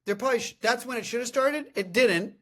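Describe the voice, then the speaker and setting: A man in his thirties hosting a podcast, telling comic stories in a casual, animated way and often laughing. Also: very high-pitched, a little fast. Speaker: podcast host. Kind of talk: casual comedic storytelling.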